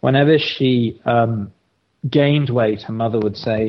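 A man's voice: medium pitch, unhurried, dull audio. A man, a therapist, telling a case story in an interview, with many restarts and filler words. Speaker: therapist, podcast guest.

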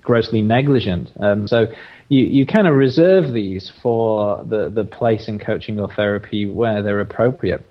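A man's voice: on the low side, measured pace, highs cut off. A man, a therapist, telling a case story in an interview, with many restarts and filler words. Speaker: therapist, podcast guest.

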